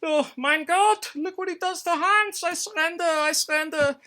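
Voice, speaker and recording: A man voicing a panicked German soldier begging to surrender in a shrill, pleading voice. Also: normal speed, pushed and bright.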